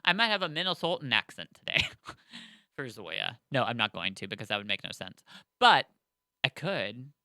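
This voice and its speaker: An excitable man co-hosting a podcast, rambling with lots of fillers. His voice is bright and crisp on a dry, close mic. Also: medium pitch, normal speed, no room sound. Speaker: podcast co-host. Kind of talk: casual podcast chat.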